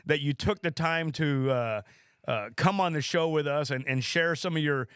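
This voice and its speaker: Host: South Texas man, eager, stumbling repeats, smooth and clean voice. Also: fairly high pitch, normal speed, fairly bright tone, dry recording, studio quality. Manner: enthusiastic, repeats words. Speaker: podcast host. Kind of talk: casual podcast chat.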